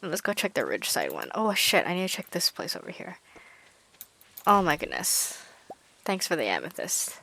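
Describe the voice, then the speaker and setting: A woman's voice: fairly low pitch, wildly swooping pitch, creaky, pushed and bright. Chatty woman streaming a farming game. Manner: chatty, narrates her own moves, quick self-aware asides. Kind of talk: casual let's-play commentary.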